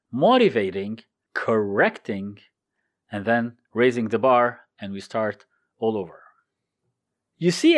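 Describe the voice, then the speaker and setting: A man speaking in a motivational talk, with a voice that rises and falls a great deal. He sounds animated and explains things step by step. He often repeats his key lists for emphasis. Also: medium pitch.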